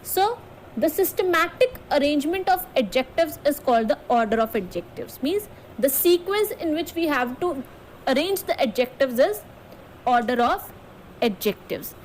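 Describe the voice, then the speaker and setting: High-voiced Indian English woman teacher. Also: animated, normal speed, slight background noise, poor audio. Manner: explains step by step, says "okay" often. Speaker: school teacher. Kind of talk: recorded grammar lesson for students.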